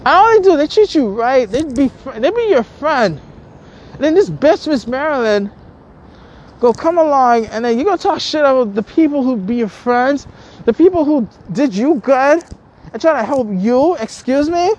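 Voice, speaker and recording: High-voiced woman ranting angrily. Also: lively intonation, moderate pace, a little mellow. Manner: angry, repetitive, stammering restarts, swears constantly. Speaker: vlogger. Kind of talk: heated profane rant to camera.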